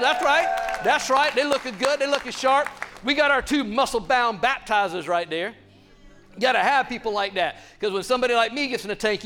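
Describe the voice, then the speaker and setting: High-voiced, animated preacher. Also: male voice, a little hiss or hum. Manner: animated, playful, conversational. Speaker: pastor. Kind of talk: sermon.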